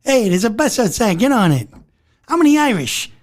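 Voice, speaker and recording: A hot-tempered mob tough guy, put on by a man during a podcast chat. He talks loud and needling, with his voice pushed well above his usual pitch. There is menace in every jab. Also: big pitch swings, normal speed. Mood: menacing.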